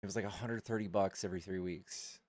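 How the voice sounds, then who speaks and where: A man's voice: sits low, steady tone, fast talker, darkish tone, no echo. A man streaming casual chat, blunt and mocking with callers and doting on his dog. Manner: blunt, mocking, trash-talking; doting, silly baby talk to his dog.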